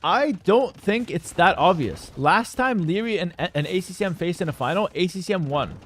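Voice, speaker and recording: A man casting a strategy game tournament live, casual and opinionated, breaking into excited shouts at big plays. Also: high voice, normal speed. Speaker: esports caster.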